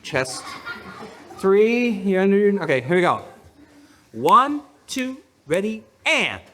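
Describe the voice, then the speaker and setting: A man's voice: sits high, big pitch swings, takes it slowly, background noise. A man, a pastor, playfully leading his congregation through a rhythm game, counting them in and laughing along. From United States. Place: church hall with a congregation.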